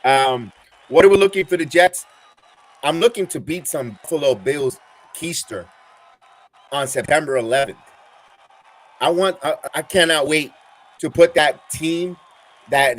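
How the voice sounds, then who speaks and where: A middle-aged man with a Bronx New York accent, hosting a live football watch-along stream as an excitable, chatty fan. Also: on the high side. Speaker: podcast host.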